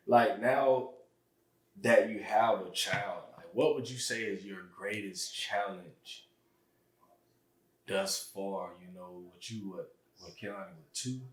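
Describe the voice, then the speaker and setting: A man's voice: on the low side, slow pace. Laid-back podcast host, man, echoey room. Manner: laid-back, chatty slang, laughs easily. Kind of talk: casual interview chat.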